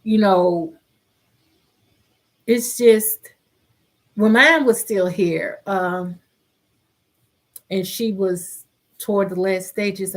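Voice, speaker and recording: A woman's voice: mid-range voice, fairly even intonation, slow pace, long pauses. A middle-aged woman hosting a casual live-stream chat, reading viewer comments aloud in a heartfelt, caring way.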